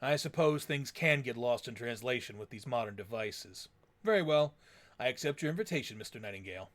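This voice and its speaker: A man voicing a gruff, rude man who is curt and dismissive. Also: mid-range voice, animated, brisk, fairly bright tone, voice pushed down, natural voice. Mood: stiffly polite.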